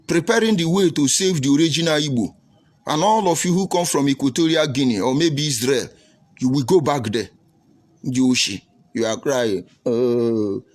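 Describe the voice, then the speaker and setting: A man with a Nigerian English accent, a preacher hosting a livestream, answering viewer comments in a combative, preachy way full of rhetorical questions. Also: on the high side.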